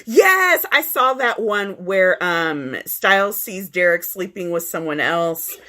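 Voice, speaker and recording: Woman co-host, lively swooping voice, bright tone, giggly casual chat. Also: mid-range voice, takes it slowly. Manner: animated and giggly, laughs often, acts out quotes. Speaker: podcast co-host. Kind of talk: casual chat about fan fiction.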